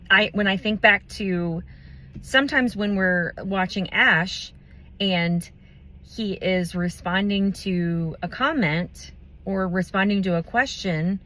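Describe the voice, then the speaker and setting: A woman giving a motivational talk about communication, thoughtful and unhurried, with pauses and fillers. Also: mid-range voice, fairly bright tone. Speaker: business community speaker.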